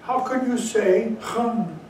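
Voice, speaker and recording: A man's voice: high voice, slow, slight background noise, voice pushed up. A man voicing a young male monk who earnestly questions his master, in a very echoey room far from the mic. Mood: puzzled.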